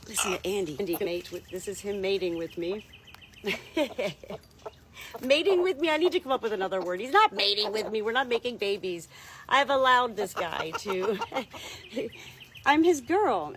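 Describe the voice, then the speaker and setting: A woman chats casually while tending her hens, talking to a phone livestream outdoors, and laughs easily. The phone audio sounds open and outdoor. Chickens and roosters are clearly audible behind her. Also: mid-range voice, a little hiss or hum. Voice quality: chatty, laughs often. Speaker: backyard chicken keeper. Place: outdoors at a farm chicken coop.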